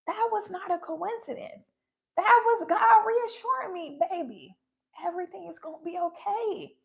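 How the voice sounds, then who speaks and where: A young woman with a strikingly high voice and a gravelly fry shares personal stories on a phone livestream. She speaks earnestly and with animation, slipping into quoted lines as she retells events. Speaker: spiritual livestream host.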